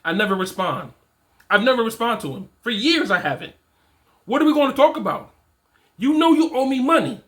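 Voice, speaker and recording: A man's voice: very high-pitched, sing-song, brisk, fairly bright tone. A man in his forties giving casual, emphatic motivational talk to other men, repeating his points with slang. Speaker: fatherhood and men's coach.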